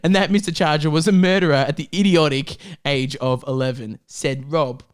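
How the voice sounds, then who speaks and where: A man's voice: on the high side, normal speed, clean tone. A man co-hosting a comedy podcast, reading fan fiction aloud and joking, laughing constantly. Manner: laughs constantly, jokey, animated.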